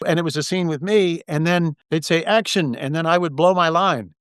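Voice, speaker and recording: An older man, a guest actor, telling relaxed anecdotes in a casual interview over a video call and acting out the lines he quotes. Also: fairly high pitch, a little fast, few pauses, no room sound, clean studio sound.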